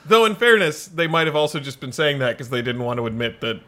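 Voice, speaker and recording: A man's voice: a little high, very animated, quick pace, bright, forceful tone, a little hiss or hum. A man co-hosting a comedy sports podcast, laughing and adding wry asides. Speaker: podcast co-host. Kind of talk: casual comedy podcast chat.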